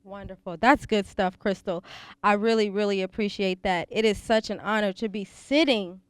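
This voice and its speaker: A woman's voice: medium pitch, steady tone, normal speed, clean tone, no echo. A woman hosting a talk show, outspoken and playful, gushing with praise for her guests. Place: school venue.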